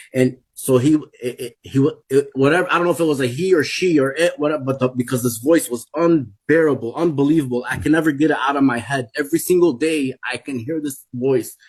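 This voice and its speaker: A man's voice: on the high side, slightly rough. A man in his forties telling an emotional personal testimony, urgent and repetitive, often restarting his sentences. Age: 40s. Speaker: testimony speaker.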